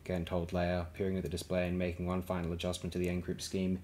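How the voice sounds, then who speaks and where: Deep-voiced man reading an audiobook. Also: completely flat delivery, fast talker, hardly any pauses, a little mellow. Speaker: audiobook reader. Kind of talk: audiobook narration.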